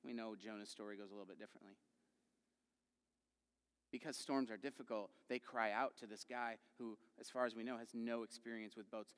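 A man preaching a sermon in a conversational way, asking the congregation questions and acting out quoted voices with big swings in loudness. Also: lowish voice, steady tone, fairly quick, smooth. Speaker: pastor. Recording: long hall reverb.

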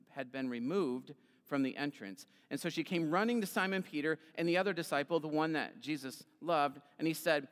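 In a church sanctuary, a man serving as pastor preaches an Easter sermon, retelling scripture casually and conversationally with fillers. His voice is fairly high and fairly bright, and the recording carries a long hall reverb.

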